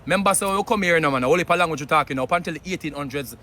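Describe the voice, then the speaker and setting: A Jamaican man delivers emphatic commentary, sliding between English and patois. His voice sits a bit high and comes across forceful and sharp. Faint outdoor traffic murmurs behind him. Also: rapid-fire. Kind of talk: opinion commentary.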